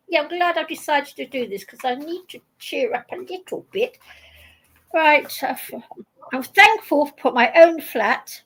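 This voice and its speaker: Woman chatting on a live panel, high voice that swoops a lot, laughs a lot. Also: fairly bright tone, low-quality recording. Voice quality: high-pitched. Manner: giggly, talkative. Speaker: panel guest. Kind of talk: casual live panel chat.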